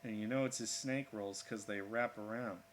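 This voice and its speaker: A man's voice: fairly low pitch, fairly even intonation, normal speed, slight background noise. A man hosting an art livestream, joking and talking through each step of his drawing. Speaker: art streamer. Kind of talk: casual livestream commentary while drawing.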